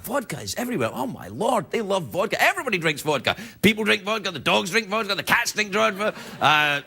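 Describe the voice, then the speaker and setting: Animated male talk show host, joking. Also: sits high, fast talker, creaky, slightly rough. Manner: animated, joking, self-mocking asides. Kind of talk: comedy monologue. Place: TV studio with a live audience. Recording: loud studio audience laughter.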